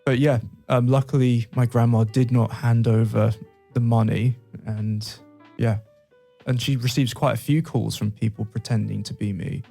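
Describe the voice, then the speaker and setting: A man's voice: mid-range voice, steady tone, moderate pace, vocal fry, warm tone, faint music behind. A British man from England co-hosting a podcast, telling stories in casual chat with frequent laughter and asides. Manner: laughs often, storytelling with asides. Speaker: podcast co-host.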